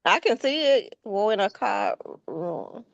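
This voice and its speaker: A woman's voice: mid-range voice, lively intonation, a little slow, gravelly, no echo, muffled recording. A woman co-hosting a reaction video, chatting casually and asking a lot of questions.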